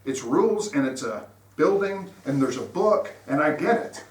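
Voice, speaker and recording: Recorded from a distance in a roomy church hall with faint background noise, a man preaches informally as a guest, sharing stories earnestly and conversationally. He speaks at normal speed in an expressive, slightly high voice.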